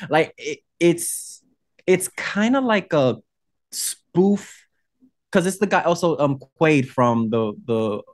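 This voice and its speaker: A man's voice: on the high side, animated, takes it slowly. A man on a casual podcast chat, gushing with campy enthusiasm about a film he loves. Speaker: podcast co-host.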